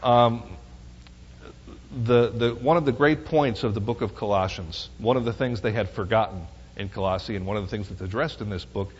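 Heard through a muffled lo-fi recording with long hall reverb, a middle-aged man teaches a Bible study at normal speed. His medium-pitched voice carries a breathy edge, and he talks conversationally, regularly asking listeners rhetorical questions about whether they follow.

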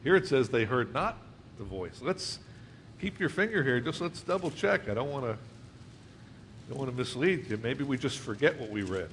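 A man's voice: medium pitch, lively intonation, normal speed, a bit bright, a little hiss or hum. A man preaching to a congregation, reading scripture aloud and explaining it conversationally, often asking his listeners questions. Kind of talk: verse-by-verse Bible teaching.

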